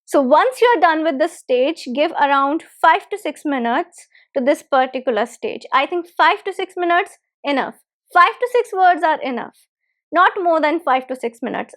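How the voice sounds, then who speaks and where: A woman's voice: sits high, lively intonation, moderate pace, fairly bright tone. A woman giving a spoken English lesson, walking learners through steps with patient, direct instructions and repeating her key points. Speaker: English teacher.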